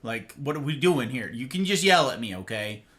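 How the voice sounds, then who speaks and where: A man streaming live, chatting casually with his chat and sounding tired; he jumps from excited squeals to mumbled asides. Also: medium pitch, moderate pace.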